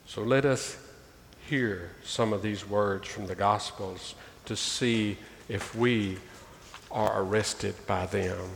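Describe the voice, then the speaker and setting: A man's voice: fairly low pitch, slow pace, gravelly. Man preaching in a reverberant church. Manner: preaching, reading scripture aloud with emphatic rises; addresses listeners as "folks". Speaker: pastor. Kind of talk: sermon. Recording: long reverb, faint ambient noise.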